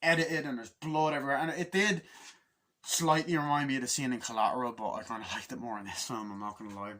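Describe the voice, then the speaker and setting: A man's voice: medium pitch, steady tone, quick pace, fairly bright tone. A young man giving a casual, rambling movie review, swearing freely and acting out scenes with grunts and sound effects.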